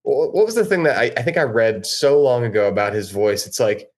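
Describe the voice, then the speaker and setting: A man's voice: mid-range voice, lively intonation, a little fast. A man who is a guest musician on a podcast, talking casually and with enthusiasm, rambling a little as he goes.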